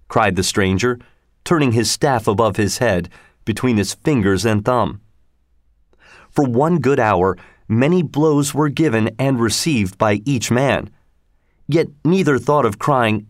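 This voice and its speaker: A man reading a storybook aloud in a measured, expressive way. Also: mid-range voice, no room sound, clean studio sound. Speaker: narrator.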